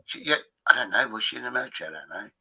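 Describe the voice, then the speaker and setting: A man's voice: fairly low pitch, animated, racing, gravelly, a crowd in the background, low-quality recording. A man hosting a live stream, rambling in a casual, profane way. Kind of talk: casual chat.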